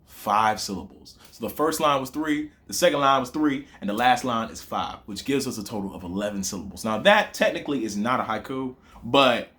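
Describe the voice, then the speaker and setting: A young man with a Southern accent, teaching a playful lesson that mixes in rap bars. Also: medium pitch. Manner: lively, playful, chanting lines slowly for emphasis.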